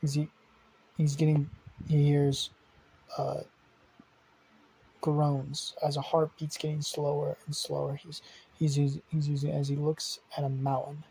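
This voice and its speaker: A young man improvises a fan-fiction story off the cuff rather than from a script, rambling loosely with fillers, restarts and casual swearing. His husky, mellow voice sits a little higher than most men's and is monotone. He speaks a little slowly, pauses often, and the audio is poor.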